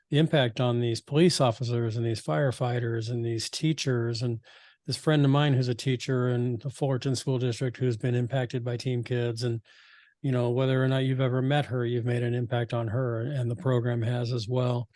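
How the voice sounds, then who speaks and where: Flat-voiced male podcast host. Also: mid-range voice, dry recording. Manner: supportive, even, measured. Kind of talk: interview conversation.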